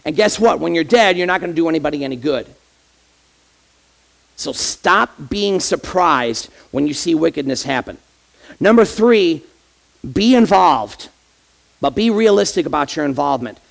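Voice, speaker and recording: A man's voice: on the high side, expressive, moderate pace, creaky, pauses often. A man, an associate pastor, preaching a conversational sermon in church and addressing the congregation directly with rhetorical questions.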